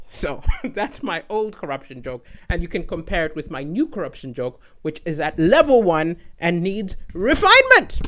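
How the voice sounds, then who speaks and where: A male comedian host telling jokes in an animated stand-up storytelling style, with frequent "right?" and big swings in loudness. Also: a little high, moderate pace, hardly any pauses.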